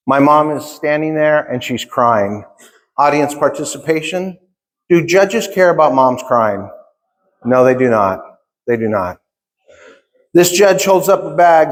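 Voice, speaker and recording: A man in his fifties, giving a keynote at a conference and telling his own story in an emphatic way, repeating key phrases. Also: on the high side. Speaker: keynote speaker. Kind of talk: motivational storytelling speech. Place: large conference hall. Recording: long reverb of a large hall.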